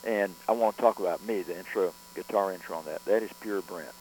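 A man, a record producer, telling studio stories in a relaxed interview, rambling with frequent restarts and fillers. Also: deep voice, quick pace, slight background noise, low-quality recording. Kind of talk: conversational storytelling interview.

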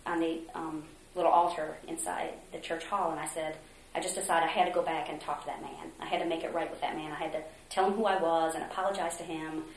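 A woman from Mexico being interviewed, earnestly recounting a story, acting out quotes with hesitant pauses. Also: low-pitched, little pitch movement. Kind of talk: oral history interview. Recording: roomy echo, faint noise.

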